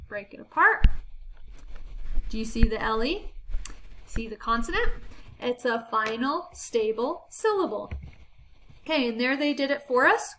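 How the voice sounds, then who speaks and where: A woman teacher giving a phonics lesson to children, reading a story aloud and sounding out words slowly and clearly in an encouraging way. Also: high-pitched, expressive, background noise.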